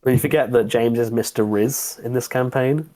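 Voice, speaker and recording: A man narrating a tabletop role-playing game as its game master. His pitch sits in the middle, and he tells the scene loosely, with plenty of restarts and fillers. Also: moderate pace, warm tone.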